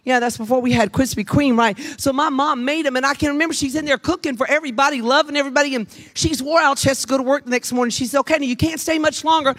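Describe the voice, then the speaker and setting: Give me a middle-aged woman with a drawl, preaching from a church platform. She talks in an animated, folksy way, tells homey stories and keeps tossing questions out to the congregation. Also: sits high, quick pace, hardly any pauses. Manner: animated, chatty, folksy, addresses the room with questions. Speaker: pastor's wife preaching to a congregation. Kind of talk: humorous storytelling sermon. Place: church sanctuary with a live congregation.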